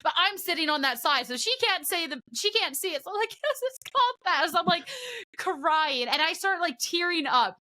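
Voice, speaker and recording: Woman, young adult, podcast co-host, high voice, casual storytelling, animated. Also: moderate pace. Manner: animated storytelling with frequent laughter. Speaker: podcast co-host and broadcast commentator.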